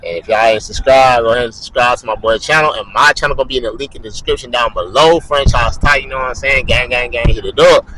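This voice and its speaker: A man's voice: medium pitch, fast talker, hardly any pauses, a little hiss or hum, rough recording. A young man casually telling stories and chatting in a vlog, profane and full of slang. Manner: profane, animated slang-heavy talk. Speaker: vlogger.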